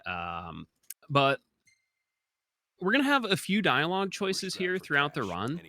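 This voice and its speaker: A man's voice: fairly high pitch, huge pitch swings, measured pace, bright, forceful tone. A young man giving chatty, explanatory live commentary during a speedrun, with many filler ums.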